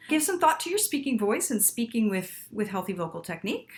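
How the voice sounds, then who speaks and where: In a casual video lesson for singers, a woman in her thirties teaches with emphatic, lively energy, often checking in with "right?". Her pitch is medium and her pace moderate.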